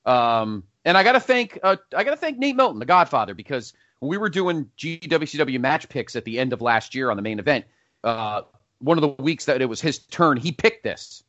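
A man's voice: mid-range voice, brisk, no room sound, dull audio. A man hosting a casual podcast countdown, rambling and correcting himself as he goes. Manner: rambling, self-correcting, animated. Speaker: podcast host.

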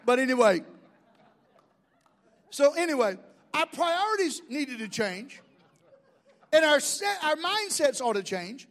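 A man's voice: very high-pitched, big pitch swings, slow, pauses often, a bit bright. A middle-aged man preaching a sermon as pastor, folksy and joking, asking the crowd questions.

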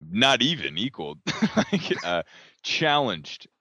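A man co-hosting a podcast, telling a story in a laughing, animated way. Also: medium pitch, slow, breathy edge, no room sound. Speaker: podcast co-host. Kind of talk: casual storytelling chat. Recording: dull, dry lo-fi audio.

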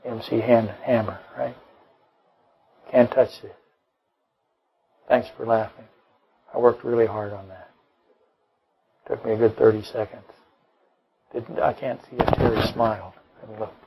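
A man's voice: lowish voice, fairly even intonation, normal speed, gravelly, long pauses, slightly rough, highs cut off. A man preaching a sermon to his congregation as pastor, emphatic, with rhetorical questions and dry jokes. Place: church.

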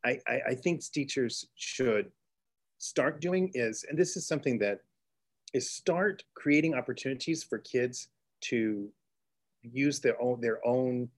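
A middle-aged man from Texas, a teacher telling a classroom story in an interview, earnest, with restarts and excited bursts. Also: medium pitch, a little slow. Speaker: teacher and author guest. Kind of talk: storytelling in conversation.

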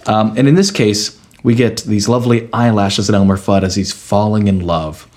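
A man's voice: lowish voice, steady tone, normal speed, a little mellow. A man co-hosting a podcast, walking through his ideas in a playful, analytical way. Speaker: podcast co-host. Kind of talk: casual chat.

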